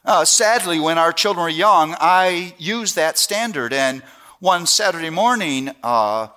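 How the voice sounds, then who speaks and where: A middle-aged man preaching a sermon, telling family stories in a lively way and then dropping to a hushed, earnest tone. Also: fairly high pitch, measured pace, clean tone. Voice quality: animated storyteller who drops to a hushed, earnest tone.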